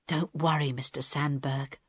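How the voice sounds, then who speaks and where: A woman voicing a calm man who reassures a fellow captive in a hushed half-whisper in a storybook reading. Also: high-pitched, slow, dry recording, clean studio sound, full character voice.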